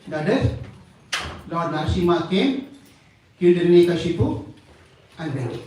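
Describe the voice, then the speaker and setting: High-voiced guy preaching a story, booming echo, far from the mic. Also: moderate pace, long pauses, a little hiss or hum. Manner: animated, dramatic retelling. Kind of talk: devotional sermon storytelling. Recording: echoey hall from far off.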